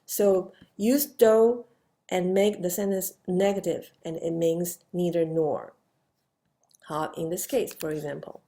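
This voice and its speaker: A woman's voice: lowish voice, steady tone, slow pace, mellow. A woman teaching a grammar lesson patiently, with many fillers and repeated example phrases. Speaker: Chinese language teacher. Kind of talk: slow grammar lesson lecture.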